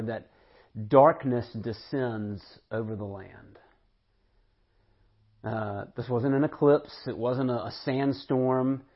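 A man preaching with earnest conviction, often repeating a word as he builds a point and asking the listeners rhetorical questions. His voice is a little husky and sits at an ordinary pitch. The recording is dull and lo-fi. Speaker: pastor. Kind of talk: sermon.

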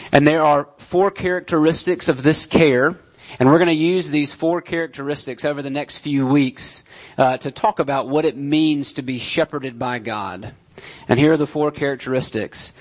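A man, a pastor, preaching a sermon in a measured way, repeating key phrases for emphasis, with frequent "uh" fillers. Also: fairly high pitch.

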